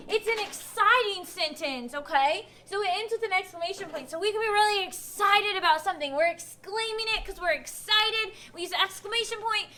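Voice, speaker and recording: During classroom instruction, an elementary school teacher patiently questions her young pupils and acts out example sentences. Her very high voice sounds bright and forceful, with slight background noise behind it.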